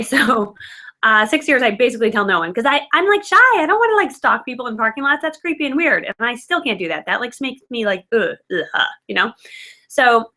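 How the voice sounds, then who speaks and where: A woman in her thirties tells her story in a loose, chatty way, full of "like" and "you know", poking fun at herself. Her voice sits a little high and sounds bright and forward. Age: 30s. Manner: chatty, filler-heavy, self-mocking. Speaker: guest speaker. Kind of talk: casual storytelling.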